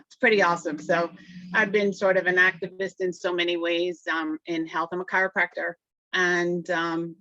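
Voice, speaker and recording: A woman chiropractor speaking on a video call in a friendly, measured, slightly hesitant way. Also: on the low side, a bit bright, dry recording. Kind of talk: casual call sharing. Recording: dry dull-sounding call audio.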